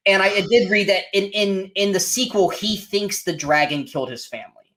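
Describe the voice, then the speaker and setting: A man co-hosting a casual movie review show, animated and mocking, often acting out quotes from scenes. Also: high-pitched, normal speed. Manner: animated, mocking, acts out quotes in silly voices. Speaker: podcast co-host.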